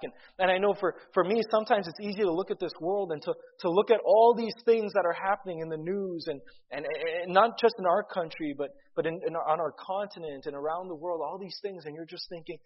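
Earnest preacher guy, kinda high husky voice, stumbles and repeats words, muffled lo-fi sound. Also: a little fast. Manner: earnest, repeats words when starting phrases; reads scripture aloud in old-fashioned wording. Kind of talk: sermon. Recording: dull lo-fi recording.

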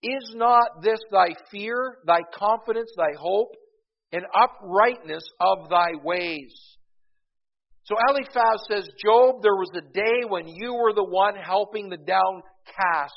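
A man delivering a sermon, talking conversationally and doubling back over his words. His voice sits high and grows louder when he presses a point. The recording is muffled and lo-fi. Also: slow. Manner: conversational, repeats words, rises in volume for emphasis. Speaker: preacher. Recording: dull, lo-fi recording.

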